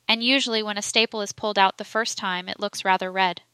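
A woman's voice: mid-range voice, steady tone, quick pace, sharp tone, clean tone, dry recording, natural voice. A woman reading the lines of a reluctant male witness who gives short, guarded answers.

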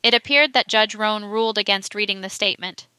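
A woman narrating an audiobook reading of a historical trial report, steady and even. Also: medium pitch, brisk, smooth, dry recording.

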